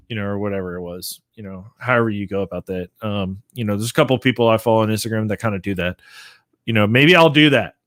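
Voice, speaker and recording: A man's voice: mid-range voice, a bit bright, dry recording, studio quality. A sleepy man chatting casually on his own live stream about comics, rambling with lots of fillers. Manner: rambling, filler-heavy, laid-back. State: sleepy, yawning. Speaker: comic book vlogger.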